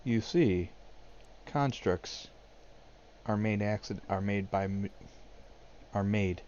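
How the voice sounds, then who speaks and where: Deadpan man on a muffled mic. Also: lowish voice, slow pace, a little hiss or hum. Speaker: player. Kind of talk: in-character tabletop play.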